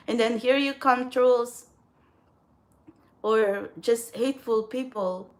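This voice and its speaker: A woman vlogging casually to her viewers. She rambles, laughs often, restarts her sentences and scolds trolls bluntly. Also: a little high.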